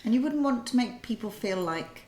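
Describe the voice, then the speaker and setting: An older woman speaks with a lively, rising and falling voice. She chats in a thoughtful way with pauses. The sound carries a roomy kitchen echo. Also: a little high. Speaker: podcast co-host. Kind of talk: casual chat.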